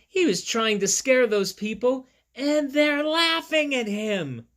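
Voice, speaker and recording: A man reads a picture book aloud to young children, pausing for friendly asides and counting details on the page. His pitch leaps around expressively, and he takes his time. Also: big pitch swings, a bit bright. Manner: chatty, talks straight to young listeners; playful asides and counting along. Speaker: teacher reading to children.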